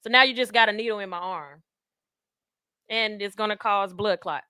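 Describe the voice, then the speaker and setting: A woman's voice: medium pitch, normal speed, clear, resonant tone, dry recording, clean studio sound. A woman co-hosting a radio talk show, telling stories with lots of giggling. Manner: giggly, animated storytelling. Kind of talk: casual chat.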